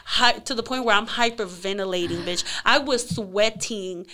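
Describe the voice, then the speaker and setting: A woman on a chat podcast telling a long story in crude, profane, animated language. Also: medium pitch, normal speed. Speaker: podcast guest.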